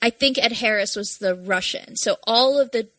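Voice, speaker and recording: A woman's voice: on the high side, normal speed, bright, forceful tone, no echo, low-quality recording. A young woman co-hosting a casual podcast, chatty and profane, laughing often. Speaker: podcast co-host. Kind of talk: casual chat.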